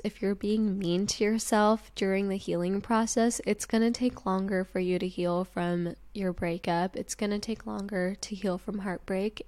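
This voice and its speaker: Young female host, gentle and reassuring, personal advice talk, middle pitch. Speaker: podcast host.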